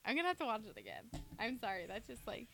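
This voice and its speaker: A young woman co-hosting a casual podcast chat, giggly and loud, swearing freely. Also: on the high side, wildly swooping pitch, quick pace, gravelly, faint music behind. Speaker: podcast co-host.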